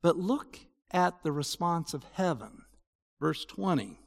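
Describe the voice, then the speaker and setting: A man's voice: fairly high pitch, expressive, slow pace, vocal fry, in a large hall. A male pastor preaching an expository sermon, moving between exclaiming asides and mock complaints, with frequent restarts.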